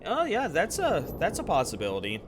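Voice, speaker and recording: A man's voice: a little high, huge pitch swings, fairly quick, noisy background. A man streaming live, chatting casually while gaming and rambling with lots of fillers. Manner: rambling, with frequent ums and likes.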